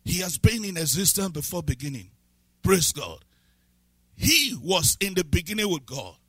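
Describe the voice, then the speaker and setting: A man preaches a sermon with a high, bright and somewhat husky voice, recorded dry and close. He swings from low, reflective asides to shouted, sung-out declarations. He keeps repeating phrases and asking his listeners questions. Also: big pitch swings, normal speed, no echo. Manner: breaks into speaking in tongues. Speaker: pastor.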